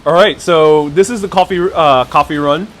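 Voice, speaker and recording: Streaming casually from a city cafe, the vlogger samples food and talks to viewers, restarting and using fillers as he thinks aloud into a wireless clip-on mic. His pitch is on the high side and his speed normal, with a little hiss or hum.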